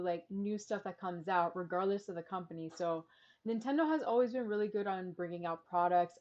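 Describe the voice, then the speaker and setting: A woman's voice: lowish voice, a little mellow. Chatty woman vlogger, slightly muffled. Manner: chatty, frequent "like" and "um" fillers. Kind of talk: casual reaction commentary.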